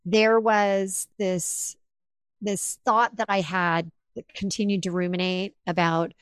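A woman hosting a podcast, telling a personal story in an animated, effusive way. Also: lowish voice, no echo. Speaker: podcast host.

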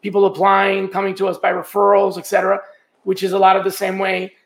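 A man's voice: high voice, monotone, quick pace, vocal fry, fairly bright tone. A man speaking as a podcast guest, explaining his working methods step by step in a casual, conversational way with frequent restarts. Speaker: guest, sourcing trainer.

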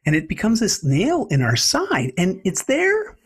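A man in his forties talks as an interview guest with a husky edge and a pitch that sits a little high. He tells stories in an animated way, and his voice swings widely as he speaks. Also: unhurried. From Canada. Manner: animated, expressive storyteller. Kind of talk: conversational interview storytelling.

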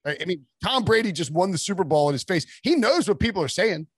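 A man talking casually as a sports writer guest on a podcast, rambling with quick asides and restarts. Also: high voice, expressive, husky, dry recording, studio quality.

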